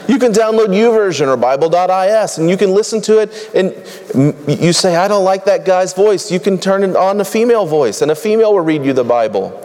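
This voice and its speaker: High-voiced male preacher. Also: lively intonation, fast talker, dark tone, big-room sound. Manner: conversational, humorous, rattles off long lists. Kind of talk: sermon.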